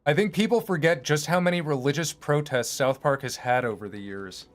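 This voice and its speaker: A man's voice: a little high, fairly quick, faint music behind. A man streaming, chatting casually in a rambling, opinionated, profane way. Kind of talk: casual chat while streaming.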